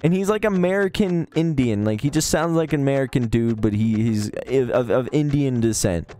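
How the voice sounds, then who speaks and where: A man's voice: mid-range voice, normal speed, mellow, soft background music. A man telling rambling, profane anecdotes in casual chat on a live stream, with chuckles along the way.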